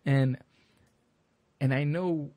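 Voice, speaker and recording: A man's voice: a little high, fairly even intonation, drawn-out words, dark tone. A man, a comic creator talking in a casual podcast roundtable, rambling through stories with many restarts.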